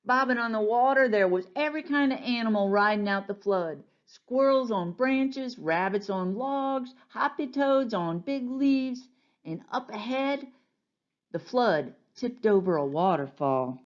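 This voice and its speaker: A woman pastor reading a children's storybook aloud in a gentle, folksy storytelling manner. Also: on the high side, expressive, measured pace, highs cut off.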